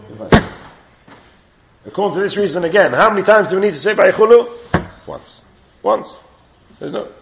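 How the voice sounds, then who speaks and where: This Torah teacher has a high-pitched, fairly bright voice. He runs a lively classroom Talmud lesson, putting questions to his students and chanting the Hebrew passages he cites, captured in a roomy, dull lo-fi recording with faint hiss.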